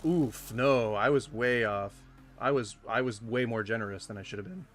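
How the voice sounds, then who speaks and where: Faint music plays behind this man as he streams casual reactions to videos, speaking at a moderate pace in a medium pitch. His delivery is animated and rambling, and he often interrupts his own train of thought.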